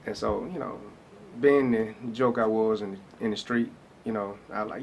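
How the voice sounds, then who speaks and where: A man's voice: on the low side, moderate pace, vocal fry, slight background noise. A man, a pastor telling his personal story in a loose, casual way with many fillers. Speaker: pastor and rapper.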